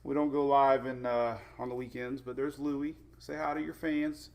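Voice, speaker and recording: A man's voice: mid-range voice, flat delivery, normal speed, gravelly. A man hosting a casual weather livestream from home with his dogs, chatting, greeting viewers by name and laughing often. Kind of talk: casual live-stream chat.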